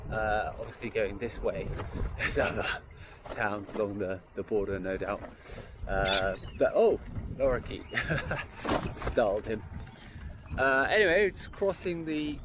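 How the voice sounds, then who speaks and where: A man vlogging casually as he rides a bicycle along a country highway, rambling and chuckling as he talks to viewers over wind and road noise. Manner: rambling, chatty asides to viewers, chuckles often. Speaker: touring cyclist vlogger. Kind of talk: casual vlog narration while cycling.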